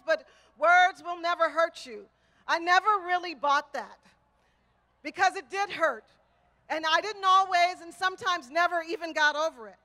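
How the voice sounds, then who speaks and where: A woman speaks at an outdoor rally in a very high, bright and forceful voice. She builds her speech with rhythmic repetition and rousing calls. Her stage microphone carries her over a large crowd. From Texas, United States. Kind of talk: rally speech with call and response.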